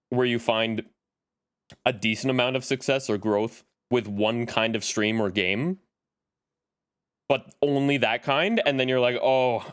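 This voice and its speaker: A man's voice: mid-range voice, a bit bright, smooth. A man streaming live in casual chat, greeting viewers by name as he talks.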